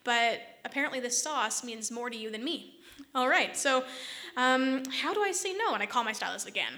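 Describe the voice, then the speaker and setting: Woman, bright tense voice, casual storytelling, exasperated, slightly high. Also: expressive. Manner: chatty, exasperated, quick asides. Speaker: vlogger telling a personal story.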